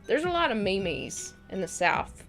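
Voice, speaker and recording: Give me a young woman chatting while gaming, laughing as she tells slow, wandering stories over game music. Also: medium pitch, very animated, a bit bright. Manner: rambling, anecdotal, laughs often. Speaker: live streamer. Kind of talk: casual chat while gaming. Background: video game music.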